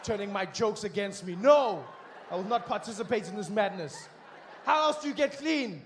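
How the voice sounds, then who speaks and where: Stand-up comic, man from Africa, high-pitched, animated, does voices, live stage with faint noise. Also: moderate pace. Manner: animated, acts out high-pitched characters, bursts into shouting. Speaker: stand-up comedian. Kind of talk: stand-up comedy set. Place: comedy stage before a laughing audience.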